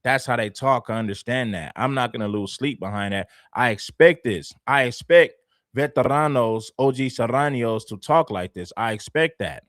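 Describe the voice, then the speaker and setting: A man's voice: medium pitch, normal speed, few pauses, fairly bright tone, no echo, clean studio sound. A man from Los Angeles hosting a commentary livestream, talking assertively and repeating his points for emphasis. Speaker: livestream host.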